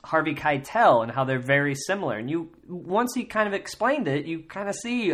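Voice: medium pitch, expressive, brisk, hardly any pauses. Rambling, casual solo podcast host. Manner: casual and rambling, many fillers and restarts; breaks into loud mocking voices when quoting others. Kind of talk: solo comedy podcast commentary.

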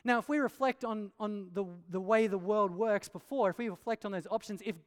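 A pastor with a high-pitched, smooth voice preaches an earnest sermon at a fairly quick pace. He asks rhetorical questions and drives his points home with emphasis, and the recording carries a long hall reverb.

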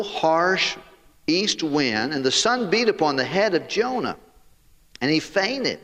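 A man preaching a sermon as pastor, animated and talking straight to his congregation. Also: a little high, in a large hall.

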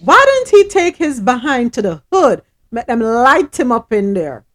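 Brief: woman host, fairly high, animated and insistent. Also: a little slow. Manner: emphatic, repetitive, indignant. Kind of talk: heated discussion.

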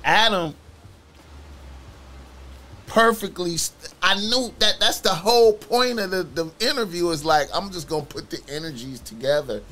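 A man's voice: high-pitched, moderate pace, pushed and bright. A man in a casual podcast chat, giving emphatic opinions.

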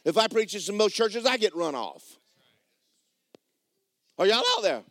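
A man preaching a sermon, emphatic and loud at times, dropping low for stories. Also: sing-song, a little slow, no echo. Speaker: pastor.

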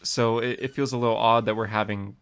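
A man's voice: on the low side, fairly even intonation, a little fast, fairly bright tone, smooth. A man co-hosting a casual podcast chat, agreeable and chatty. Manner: chatty and agreeable, many yeahs. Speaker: podcast host.

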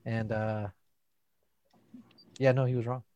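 A man in relaxed podcast chat, reacting with short comments and laughs. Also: medium pitch, slow pace, dry recording, muffled recording. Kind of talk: casual chat.

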